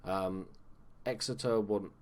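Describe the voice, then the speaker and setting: A man's voice: on the low side, steady tone, slow. A man giving casual, chatty commentary over a video game at home, swearing freely and tossing in dry asides. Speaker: gaming YouTuber.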